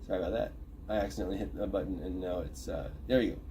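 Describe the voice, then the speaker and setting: A man's voice: sits low, steady tone, very fast, warm tone, slight background noise. A man reading a list aloud from an online thread, breaking off to comment, look terms up and correct himself. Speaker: channel host reading a thread.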